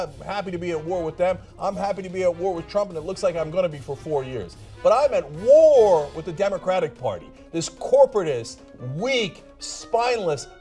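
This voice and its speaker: A man hosting political commentary, ranting sarcastically, swearing and shouting. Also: high-pitched. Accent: American. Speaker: news commentary host.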